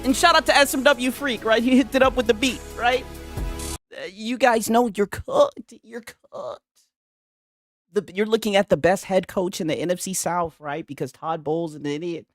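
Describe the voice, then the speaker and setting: A man's voice: high voice, moderate pace, a bit bright, no echo, faint music behind. A young man ranting in casual commentary, rambling and profane, tagging nearly every line with "right?". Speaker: streamer.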